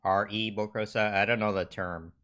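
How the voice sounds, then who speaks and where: A man's voice: lowish voice, steady tone, a bit bright. A man casually chatting with live viewers on a stream, rambling with many fillers and restarts. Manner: rambling, halting, lots of fillers. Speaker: livestream host.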